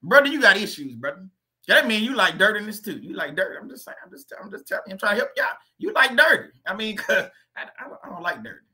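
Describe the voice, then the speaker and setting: High, bright-voiced man joking on a livestream. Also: very animated, fast talker. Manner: rambling, laughing, chatty asides. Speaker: livestream host.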